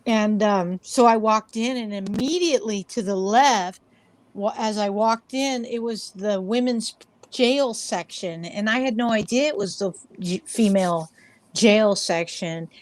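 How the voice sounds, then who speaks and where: A woman's voice: medium pitch, a little slow, slight background noise. A woman being interviewed as a paranormal investigator, telling rambling, chatty stories and acting out the voices of the people in them. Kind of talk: casual interview storytelling.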